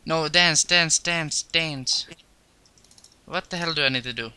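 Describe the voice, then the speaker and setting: A young man giving excitable, crude commentary over his gameplay. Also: a little high, measured pace, pauses often, clear, resonant tone, no echo. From Finland. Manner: excitable, crude trash talk. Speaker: gaming video host.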